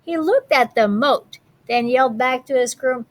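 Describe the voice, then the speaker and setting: Woman teacher reading a picture book to kids, high voice, chatty little asides. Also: normal speed. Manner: friendly, chatty asides to children.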